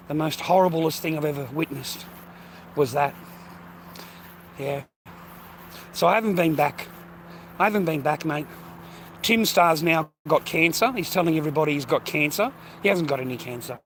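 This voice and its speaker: A slightly high-voiced Australian man rambles and swears through a casual vlog while walking outdoors. He is a touch breathless from the pace, with faint street noise behind him. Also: normal speed, pauses often, a bit bright. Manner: profane, rambling, blokey slang. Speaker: vlogger. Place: outdoors on foot.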